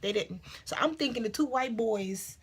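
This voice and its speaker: A woman's voice: fairly high pitch, expressive, normal speed, a little hiss or hum. A woman vlogging at home in casual, candid chat, giving blunt opinions and dropping into whispered asides. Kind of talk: casual chatty vlog. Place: at home indoors.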